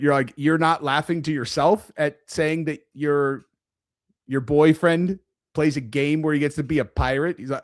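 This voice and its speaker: A man live-streaming commentary in a rambling, animated, sarcastic way. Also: fairly high pitch, unhurried, no echo, clean studio sound.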